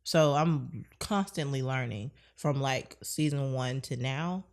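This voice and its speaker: A woman in her thirties talking as a podcast guest in a casual, animated chat, acting out her own thoughts and laughing easily. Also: a bass voice, takes it slowly.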